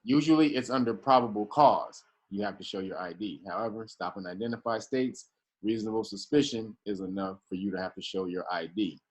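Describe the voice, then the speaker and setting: A man's voice: lowish voice, fairly quick. Slangy man teaching a casual class. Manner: slangy, restarts often, emphatic. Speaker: class instructor.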